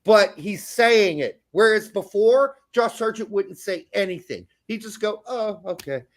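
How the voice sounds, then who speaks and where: A man's voice: sits high, unhurried. A man co-hosting a casual soccer podcast, talking in a profane, emphatic way. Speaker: podcast co-host.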